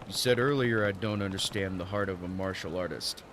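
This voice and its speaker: A man voicing a terse adult male brawler with a flat, low reading of game dialogue. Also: fairly quick, slight background noise. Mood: gruff.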